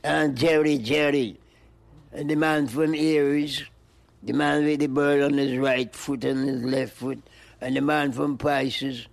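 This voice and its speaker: A man's voice: mid-range voice, steady tone, measured pace, vocal fry. An older man, speaking in rhythmic, chanted free-flowing poetry and wordplay. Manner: rhythmic, sing-song chanting with animal noises and laughs. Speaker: interviewee, music pioneer.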